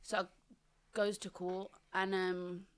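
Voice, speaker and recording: A woman, telling her life story as a guest on an interview show in animated, slangy talk, acting out the people she quotes. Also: medium pitch, slow, noisy background. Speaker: podcast guest.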